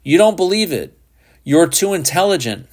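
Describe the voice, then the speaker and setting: A man's voice: medium pitch, unhurried, natural voice. A man voicing a bitter, exasperated father who speaks in a clipped way. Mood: scornful.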